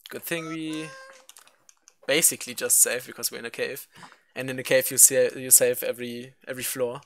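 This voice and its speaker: A man's voice: mid-range voice, fairly even intonation, moderate pace, fairly bright tone. A man streaming a video game, chatting casually, swearing freely and laughing often. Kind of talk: casual gameplay commentary.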